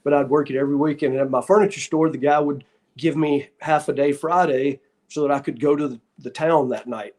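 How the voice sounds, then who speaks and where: Older man, slightly high voice, laid-back storyteller, chuckles, calls everyone man and dude. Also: steady tone, a little fast, darkish tone. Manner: easygoing, chuckling, peppers talk with "man" and "dude". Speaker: guest, former referee. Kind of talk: casual storytelling.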